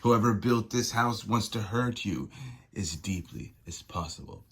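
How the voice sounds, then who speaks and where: A man's voice: lowish voice, measured pace, a bit bright, breathy edge, full character voice. A man reading the lines of a determined female sorceress hero, stern and threatening. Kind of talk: reading comic dialogue aloud.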